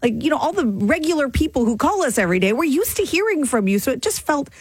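A woman co-hosting a radio show in a studio, chatting in casual banter and agreeing with quick asides. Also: high-pitched, big pitch swings, dry recording. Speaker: radio co-host. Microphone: studio microphone.

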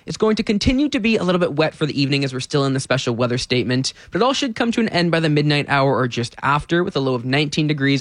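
A man's voice: fairly high pitch, fairly bright tone, no room sound. A man giving an upbeat radio weather forecast.

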